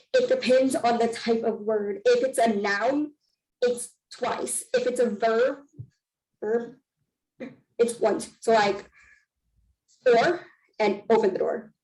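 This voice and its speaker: A woman's voice: on the high side, darkish tone. A woman teaching sign language, patiently explaining how signs are used. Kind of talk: explaining in an online class. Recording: roomy, distant from the mic.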